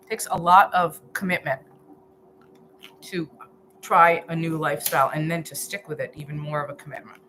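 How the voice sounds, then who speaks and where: A woman's voice: deep voice, bright, forceful tone, a little hiss or hum, poor audio. A woman hosting a live cooking stream from her home kitchen, chatting casually and thinking aloud as she chops, with restarts and pleased hums as she tastes. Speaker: healthy-eating coach hosting a live stream.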